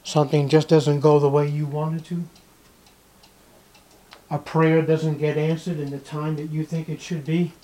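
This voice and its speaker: A male preacher delivers a sermon in a fairly high voice. He is emphatic and repetitive, leaning on rhetorical questions to drive points home. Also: level tone, normal speed, long pauses, mellow.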